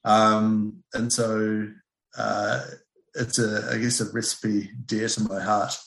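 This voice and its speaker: A man's voice: on the low side, little pitch movement, slow, creaky, fairly bright tone, roomy sound. A man, a brewer guest chatting casually and hesitantly, with many fillers. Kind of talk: casual chat on a video call.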